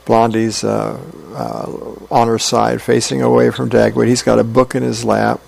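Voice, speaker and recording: Gravelly man reading comics aloud. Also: medium pitch, flat delivery, darkish tone. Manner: plain, unhurried storytelling with small fillers. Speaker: volunteer radio reader.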